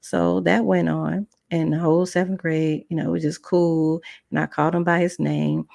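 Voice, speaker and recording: A woman's voice: low-pitched, level tone, moderate pace, vocal fry, dark tone, dry recording, clean studio sound. A woman podcast host telling a personal story in a conversational way, acting out the dialogue of the people in it. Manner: conversational, acts out dialogue in voices.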